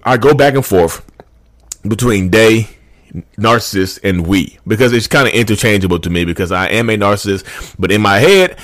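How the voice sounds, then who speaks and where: A man's voice: lowish voice, animated, normal speed, a bit bright, no room sound. A man hosting a casual vlog, talking informally to viewers and calling them y'all. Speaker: YouTube host.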